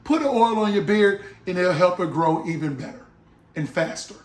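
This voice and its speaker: A man's voice: high voice, expressive, normal speed, echoey room. A man in a casual, jokey vlog to camera, talking up his own beard oil and acting out little scenes. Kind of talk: casual product talk to camera.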